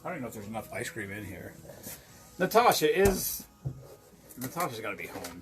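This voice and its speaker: A man's voice: on the low side, sing-song, fairly quick, pauses often, music in the background. A tipsy man hosting a drinks show from his home bar, rambling and swearing through casual stories with frequent giggles. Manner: profane, rambling, giggly storyteller. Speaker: show host mixing drinks. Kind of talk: casual chat.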